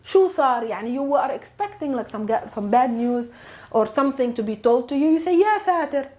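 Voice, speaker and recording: A woman with a Palestinian Arabic accent teaches a relaxed online language lesson. Her voice sits a little high, and she is animated, laughing often and acting out lively exclamations as she explains. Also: quick pace.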